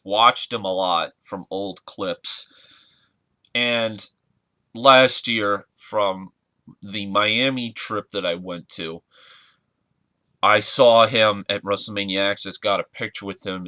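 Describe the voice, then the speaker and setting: A man in his twenties giving an earnest, halting spoken tribute in a casual vlog, often searching for words. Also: on the low side, sharp tone, no echo. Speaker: wrestling fan vlogger.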